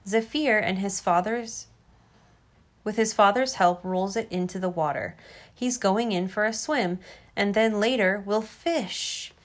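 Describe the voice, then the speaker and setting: A woman reading a storybook aloud to her child, gentle and expressive. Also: medium pitch, a little slow.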